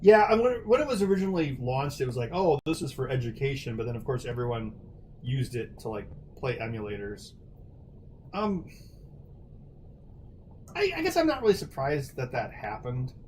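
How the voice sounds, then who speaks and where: A man's voice: medium pitch, big pitch swings, moderate pace, long pauses, slight background noise. A man in the middle of his range chats casually on his own livestream, reading out viewer questions and answering them. He rambles freely, stacking fillers and restarting his sentences as he goes. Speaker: livestream host answering chat.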